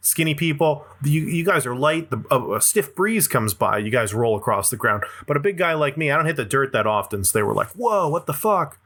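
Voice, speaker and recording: A man's voice: mid-range voice, animated, fairly quick, hardly any pauses, a bit bright. A young adult man hosting a podcast, delivering a rambling, self-deprecating comedic monologue and swearing freely. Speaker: podcast host.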